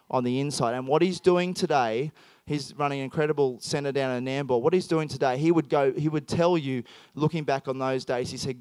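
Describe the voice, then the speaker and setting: Brief: Australian male preacher, sermon storytelling, emphatic, higher-pitched, dry close mic. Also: clean tone, no echo. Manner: animated, emphatic, with many restarts. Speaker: pastor.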